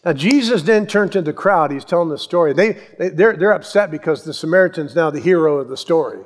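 A man preaching a sermon, telling Bible stories with animated acted-out voices. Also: on the high side, fairly quick. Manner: animated storytelling, acts out voices and yells. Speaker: pastor.

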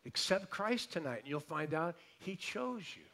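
A male pastor preaching a sermon emphatically, repeating phrases and swinging between loud declarations and soft asides. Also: fairly high pitch, big pitch swings, moderate pace, vocal fry.

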